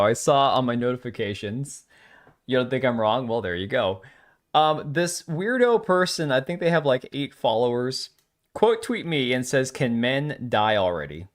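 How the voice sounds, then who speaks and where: A man hosts a live stream and talks at an ordinary pitch for a man. He comments bluntly and mockingly, and rambles from one point to the next. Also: fairly bright tone. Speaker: streamer host.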